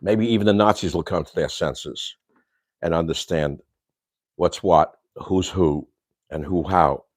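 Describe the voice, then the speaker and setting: An older man with a very deep, low voice hosts a casual livestream from his home kitchen, speaking a little slowly. He rambles and rants, tossing out insults and Yiddish slang, and the sound is dry and close with no room echo.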